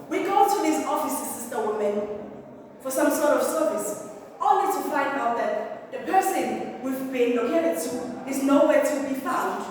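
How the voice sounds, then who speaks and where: A woman plays a young woman recounting her troubles with dry wit on a live stage, slipping in and out of the voices she quotes. Her voice sits high and bright. It carries from a distance through a long, ringing hall reverb. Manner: wry storytelling, acting out quoted voices. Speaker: stage actor. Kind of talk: live theatre monologue. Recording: echoey hall from far off.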